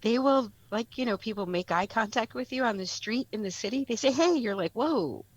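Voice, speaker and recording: A woman's voice: on the high side, brisk, no echo, lo-fi sound. A woman in her forties with a Boston accent, a podcast guest chatting casually with wry, self-deprecating humor. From Boston, USA. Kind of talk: casual chat.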